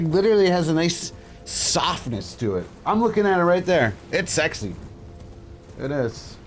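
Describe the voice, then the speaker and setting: A man streaming live and chatting casually with his viewers, blunt and crude, joking and ranting. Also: medium pitch. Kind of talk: casual livestream chat.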